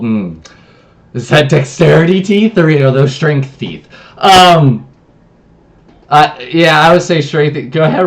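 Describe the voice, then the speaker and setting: A man running a tabletop game as game master, narrating and talking loosely with many restarts. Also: medium pitch.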